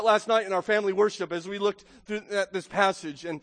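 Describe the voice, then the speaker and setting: A man's voice: high-pitched, fairly even intonation, a little fast, fairly bright tone. A man preaching a sermon as pastor, earnest, repeating words and building to emphatic questions. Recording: long hall reverb.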